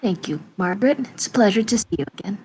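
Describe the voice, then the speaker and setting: A woman's voice: medium pitch, expressive, quick pace, a little mellow, breathy edge, rough recording. A woman player speaking in character in a tabletop game, polite and formal.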